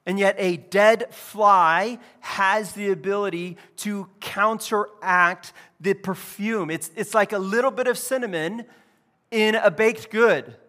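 A man pastor preaching a lively, conversational sermon in a church. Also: sits high. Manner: conversational, animated preaching with casual asides. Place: church building.

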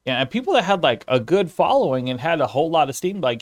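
A man's voice: fairly high pitch, very animated, quick pace, dry recording. Laid-back male streamer, dry sound. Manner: laid-back, rambling, laughs often. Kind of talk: casual podcast chat.

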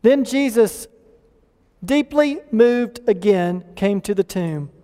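A pastor preaching a sermon earnestly, rising in emphasis and slowing down to stress key lines. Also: male voice, high-pitched, expressive, warm tone, long reverb tail.

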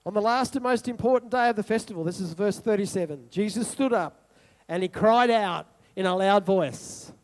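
Very high-voiced preacher. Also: male voice, moderate pace. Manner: repetitive rhetorical preaching, asks the congregation questions. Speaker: pastor. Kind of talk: sermon.

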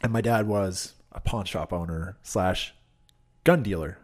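A man casually telling stories from his youth, loose and profane, slipping into loud high voices when he quotes people. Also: unhurried. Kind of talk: casual storytelling.

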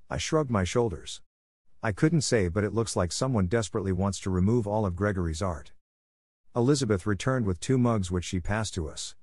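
A man narrating a first-person mystery story in a measured, even way. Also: on the low side, dry recording, studio quality.

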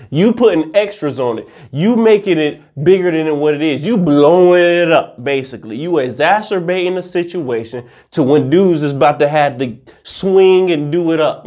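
A man's voice: fairly high pitch, a little mellow. Playful man hosting a casual vlog. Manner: playful, rambling, slangy; spells words out slowly for emphasis. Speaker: vlog host. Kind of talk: casual drinking vlog chat.

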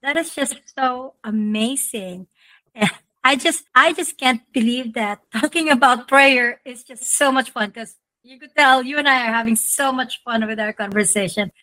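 A woman's voice: a little high, a little slow, sharp tone, dry recording, rough recording. A woman hosting an interview, enthusiastic and effusive. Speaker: host. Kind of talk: interview conversation.

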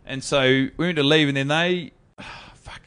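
A man's voice: fairly high pitch, fairly even intonation, measured pace, fairly bright tone, smooth. A young adult man with a New Zealand accent, a podcast guest telling a story in rambling, self-deprecating casual chat. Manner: rambling, self-deprecating, restarts mid-sentence.

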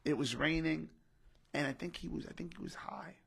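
A man's voice: fairly high pitch, normal speed, vocal fry, a bit bright, breathy edge. A young man telling an emotional personal story in casual podcast chat, often saying "bro" and "literally". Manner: repeats himself, says "bro" and "literally" often. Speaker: podcast guest, comedian.

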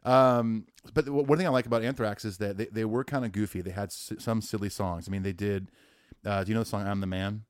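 A man co-hosting a casual podcast, sharing facts in a relaxed way with fillers and laughs. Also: on the low side, fairly quick, clean tone, no room sound, clean studio sound. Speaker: podcast co-host. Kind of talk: casual chat.

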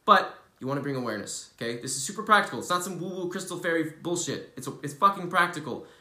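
Bright-voiced man, casual spiritual vlog. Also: fairly high pitch, animated, fast talker. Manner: loose, swears freely, earnest and preachy. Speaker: spiritual wellness vlogger. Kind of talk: casual motivational vlog talk. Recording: roomy echo.

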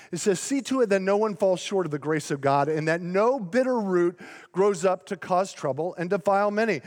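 A male pastor preaching a sermon in a church, emphatic and slowing down to stretch out key words. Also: high-pitched, darkish tone. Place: church sanctuary. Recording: long hall reverb in a large sanctuary.

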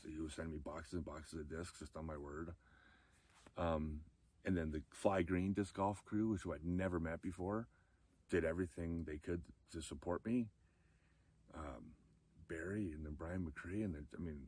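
A man's voice: deep voice, a little mellow, husky. A man telling his own life story candidly and emotionally, close to tears at times. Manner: emotional, candid, acts out quoted friends in a raised voice. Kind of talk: personal storytelling talk.

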